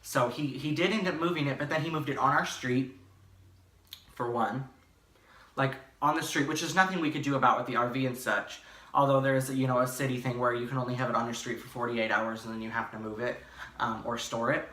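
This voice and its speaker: A man's voice: medium pitch, brisk. Rambling young man in echoey room. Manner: rambling and animated, many fillers and restarts. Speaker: vlogger. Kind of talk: casual storytime vlog. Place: his bedroom, in front of a green screen. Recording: echoey room, slightly far from mic.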